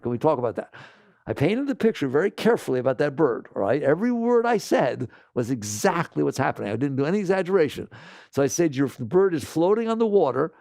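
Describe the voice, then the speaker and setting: An older man giving an animated spiritual talk to an audience, asking rhetorical questions and acting out quoted voices. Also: mid-range voice, gravelly, no room sound, clean studio sound. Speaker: spiritual teacher.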